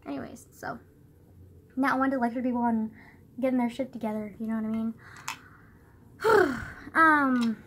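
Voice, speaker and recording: A woman's voice: a little high, moderate pace, long pauses, a bit bright, a little hiss or hum. A young woman vlogging from her bedroom into a phone camera, chatting in a loose, rambling way, filling nearly every phrase with "like" and laughing often. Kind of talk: casual rambling chat to camera.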